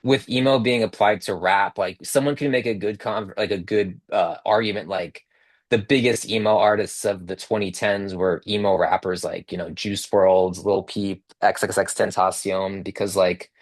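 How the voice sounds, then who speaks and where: A man's voice: sits low, steady tone, normal speed, no room sound. A man in his thirties, an author and guest, chatting casually and rambling, with lots of filler words and restarts, over a video call.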